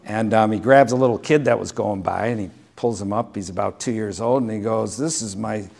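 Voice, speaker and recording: A middle-aged man preaching a sermon as pastor, moving from plain exhortation into relaxed storytelling with dry humor. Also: on the low side, fairly quick, creaky.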